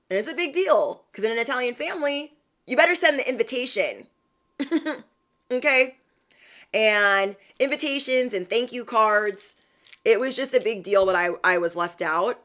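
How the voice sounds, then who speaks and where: A woman vlogger in a chatty, animated retelling of a family story, using slang as she talks to her viewers. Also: fairly high pitch, moderate pace. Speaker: spiritual vlogger. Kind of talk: casual storytelling.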